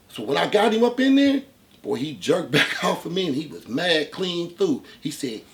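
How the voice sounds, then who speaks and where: A man's voice: a little high, moderate pace. A man host telling a gritty street-life story in a profane, conversational way, often tossing in "man". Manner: animated, profane, conversational, with many "man" fillers.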